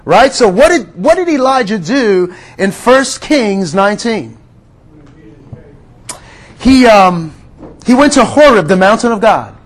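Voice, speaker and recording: A man preaching a sermon in a conversational, earnest way, calling his listeners friends and sinking to a hush on quiet words. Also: sits high, big pitch swings, slow, long pauses.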